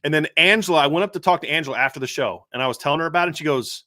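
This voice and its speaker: A man's voice: fairly high pitch, rapid-fire, few pauses, sharp tone, no room sound, clean studio sound. A middle-aged man co-hosting a casual post-game sports talk show, telling stories with frequent laughs. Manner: storytelling, laughs often. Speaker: show owner and co-host.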